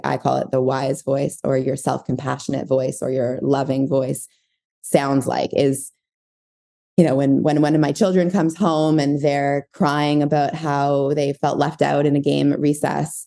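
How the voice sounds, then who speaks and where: Low, gravelly-voiced woman reflecting slowly. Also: fairly even intonation, mellow. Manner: reflective, searching for words, many fillers. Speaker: parenting coach, podcast guest. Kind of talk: casual interview talk.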